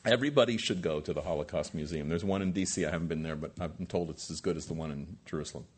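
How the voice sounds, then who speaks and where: A man's voice: sits low, fast talker, slightly rough. A man preaching a sermon as pastor, with rising emphatic peaks and rhetorical questions to the congregation.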